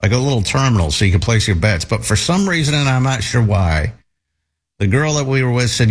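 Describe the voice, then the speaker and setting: A man's voice: mid-range voice, animated, brisk. A man in his thirties, a talk show regular, telling a casual anecdote in a rambling way with many fillers and restarts.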